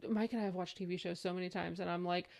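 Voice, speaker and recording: A woman co-hosting a book podcast in casual chat, animated and acting out quoted lines. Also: fast talker, creaky. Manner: animated storyteller, acts out quotes in high voice. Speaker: podcast co-host.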